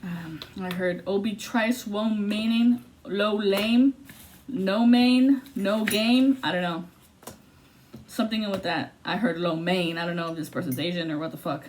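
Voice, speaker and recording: A woman giving a casual, profane tarot reading, swinging between loud outbursts and low muttering. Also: measured pace, background noise. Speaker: tarot reader.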